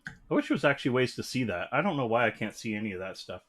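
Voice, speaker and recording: A man's voice: mid-range voice, big pitch swings, quick pace. Chatty male livestream host. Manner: rambling, chatty, greets viewers. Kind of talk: casual live chat. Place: home room. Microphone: desk mic.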